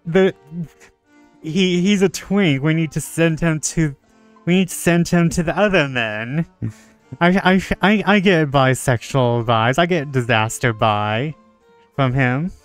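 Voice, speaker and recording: A man's voice: fairly high pitch, takes it slowly, clear, resonant tone, soft background music. A man playing a story game and chatting about it, laughing often and making playful asides. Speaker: game streamer. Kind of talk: let's play commentary.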